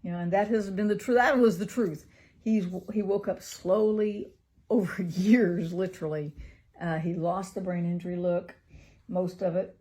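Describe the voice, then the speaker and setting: This is a middle-aged woman talking about caring for her son in a heartfelt vlog. Her voice is husky and mellow, sitting a little low. She speaks earnestly, laughs easily and sometimes lowers to a whisper. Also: fairly even intonation, normal speed. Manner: earnest, soft-spoken, laughs often, drops to a whisper. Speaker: caregiver mother.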